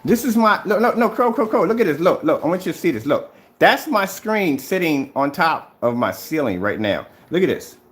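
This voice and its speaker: A man in his fifties recording a confrontational vlog at home, goading a rival again and again to prove his claims. His pitch swings widely, leaping up high whenever he repeats the challenge, and he keeps a mocking, needling tone throughout. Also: big pitch swings, normal speed, hardly any pauses, a bit bright. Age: 50s. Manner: taunting and repetitive, pitch jumping up on challenges. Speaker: DIY projector screen paint vlogger. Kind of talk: confrontational video rebuttal. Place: at home, showing his screen.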